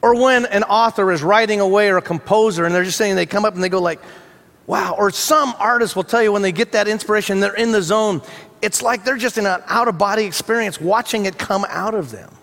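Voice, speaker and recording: A man with a high-pitched voice preaches a sermon in a relaxed, storytelling way, dropping in wry, humorous asides. His voice carries a long reverb from a large church sanctuary. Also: quick pace, creaky. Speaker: pastor.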